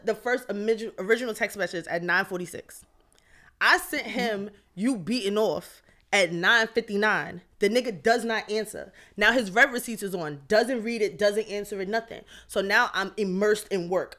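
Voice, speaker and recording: Woman podcast co-host: animated, profane storyteller, mid-pitched voice. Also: normal speed. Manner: animated, swearing, quotes her own texts. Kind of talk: casual chat, storytelling.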